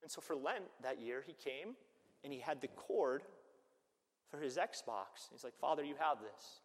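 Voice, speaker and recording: A man's voice: medium pitch, a little slow. Male priest preaching in an echoing church. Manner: animated storytelling that acts out the people it quotes. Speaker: Catholic priest. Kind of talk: sermon. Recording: long church-hall reverb.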